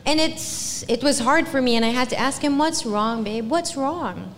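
Filipino woman, high voice, live hall reverb. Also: moderate pace, slight background noise. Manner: animated, laughing, mixes in Tagalog phrases. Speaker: podcast co-host. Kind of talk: live podcast chat. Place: live show venue. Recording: long reverb of a live venue.

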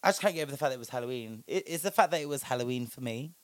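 A man's voice: mid-range voice, expressive, very fast, no echo. A young man, delivering a profane, sarcastic ranting commentary as a vlogger. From Britain. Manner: profane, sarcastic, shifting loudness.

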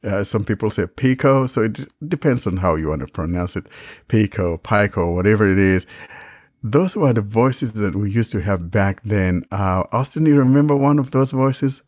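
A man hosting a relaxed, chatty tech discussion and demonstrating speech settings. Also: fairly low pitch, moderate pace, dry recording, studio quality. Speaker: podcast host demonstrating software. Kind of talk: casual tech chat.

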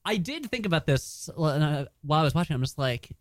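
A man's voice: on the high side, very animated, a little fast. A man in casual film chat with friends, hesitant at first, then emphatic about what he noticed. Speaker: podcast co-host.

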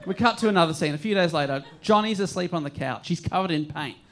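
Aussie guy recapping a story, higher voice, keeps cracking up. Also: fast talker. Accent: Australian. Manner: animated storytelling, laughing through lines. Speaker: podcast co-host.

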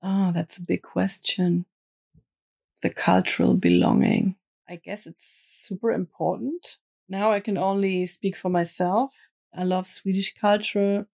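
A woman answers interview questions at an unhurried, thoughtful pace. Her voice is warm and mellow, never bright. She often stops to search for the right word. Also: lowish voice, expressive, vocal fry. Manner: thoughtful, searching for words, frequent fillers. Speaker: interview guest, comic artist and painter. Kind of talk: casual interview conversation.

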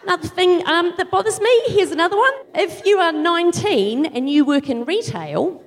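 A middle-aged New woman does stand-up on a theatre stage, her high voice swooping all over the place as she rants in exasperation and bursts into shouts. The sound carries a long hall reverb from the big room. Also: animated, normal speed, hardly any pauses. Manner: exasperated ranting with sudden shouted outbursts. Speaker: co-host doing stand-up. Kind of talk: live stand-up comedy.

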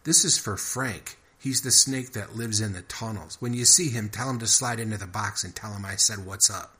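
A man's voice: fairly low pitch, moderate pace, pushed and bright. Man reading as a laid-back jokey dad. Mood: breezy.

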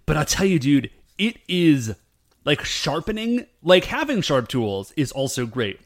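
Man, casual podcast chat, rambling and lively, pitch jumping around. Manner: animated, rambling, lots of fillers. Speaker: podcast co-host.

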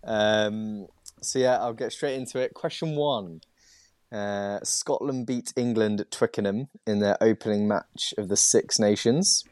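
A man's voice: fairly low pitch, unhurried, a little mellow, no echo. A man hosting a casual sports podcast, chatty and laughing often, reading out quiz questions with plenty of ums. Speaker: podcast host and quizmaster.

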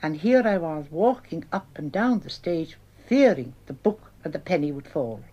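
A woman's voice: low-pitched, animated, normal speed, mellow. A woman, a former stage actress, reminiscing plainly and earnestly about rehearsals in an old archive recording. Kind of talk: archival interview recollection. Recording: muffled archival broadcast.

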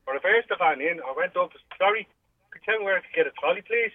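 Man over a tinny phone line from his car, high-voiced, flustered and polite, faint hiss. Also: lively intonation, fast, no echo. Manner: polite but flustered denials. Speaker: prank call target. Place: in a parked car.

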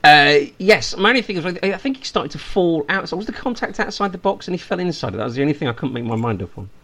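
A man's voice: on the high side, sing-song, fast talker, pushed and bright. Chatty male podcast host. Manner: chatty, laughs easily, self-correcting. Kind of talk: casual football podcast chat.

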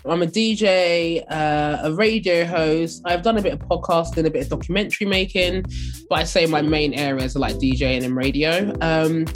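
A young woman from England with an Essex accent, a DJ and radio host telling stories in a casual, animated way, full of fillers. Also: low voice, moderate pace, faint music behind. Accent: Essex English. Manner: animated, chatty, many fillers like "like". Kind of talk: casual storytelling interview.

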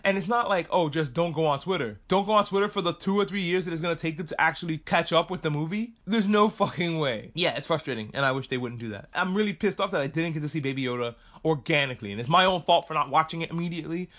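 Male podcast host, quick and slightly high, swears freely, rambling recap, dull lo-fi audio. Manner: profane, animated, jumps between tangents. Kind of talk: casual ranting recap.

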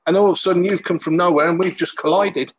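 A man's voice: sits high, steady tone, fast talker, pitched above the performer's own voice. A man putting on the voice of an apologetic male goalkeeper with a Scouse accent. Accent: Scouse, as put on.

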